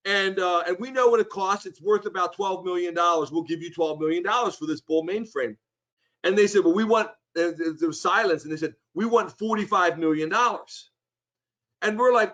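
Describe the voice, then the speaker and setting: A man's voice: high-pitched, brisk. A man telling a story in a casual interview, acting out the voices of the people in it. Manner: animated, acts out quoted voices. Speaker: interview guest.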